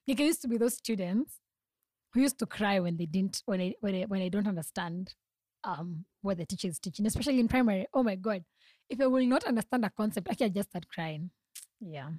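A young woman with a mid-range, darkish voice hosts a reflective solo podcast, recorded with no room sound. She talks earnestly and confidingly, often laughing and restarting her sentences.

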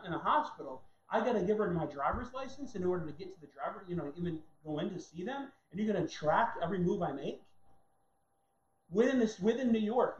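A man's voice: sits high, a little mellow. A man preaching a sermon in a heated, mocking way, sometimes acting out other people's voices. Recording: roomy, dull lo-fi sound.

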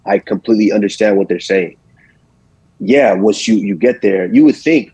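A man born in Nigeria and raised in Texas, a champion fighter guest answering interview questions in a relaxed way, often repeating words as he thinks. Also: fairly low pitch, moderate pace, breathy edge, no echo, low-quality recording.

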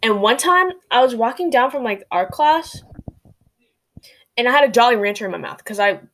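A woman co-hosting a casual podcast, telling anecdotes in a rambling, animated way full of fillers. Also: on the high side, normal speed. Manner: rambling, animated storytelling with lots of "like". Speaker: podcast co-host.

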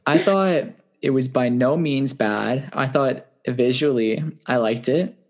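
A man's voice: mid-range voice, takes it slowly, darkish tone. Young man, podcast co-host, casual chat, chatty, swears, laughs easily.

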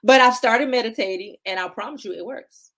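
A woman hosting a live-streamed interview, encouraging her guest and reading viewer comments aloud, laughing often. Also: fairly quick. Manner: laughs often, jumps high when excited. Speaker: host.

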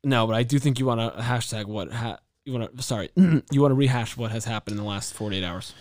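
A man's voice: mid-range voice, fast, a little mellow, no echo. A man co-hosting a casual podcast, teasing his partner and impatiently pushing the story along. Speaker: podcast co-host. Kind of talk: casual chat.

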